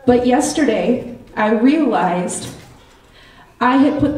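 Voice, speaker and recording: A woman's voice: medium pitch, animated, crowd noise. Lay preacher, female, earnest and reflective sermon, recorded far off in a roomy sanctuary. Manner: earnest, personal, slow and reflective. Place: church sanctuary. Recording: roomy church hall, distant mic.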